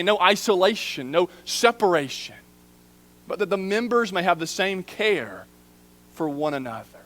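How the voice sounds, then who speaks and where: In a church sanctuary, a minister preaches a sermon earnestly. On key phrases he drops into a soft, low emphasis.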